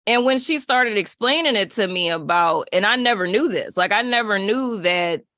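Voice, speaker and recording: Woman, panel guest; bright, close-miked, animated and slangy storyteller. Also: mid-range voice, normal speed, no echo. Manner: animated, laughs between words, uses slang. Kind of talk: casual storytelling.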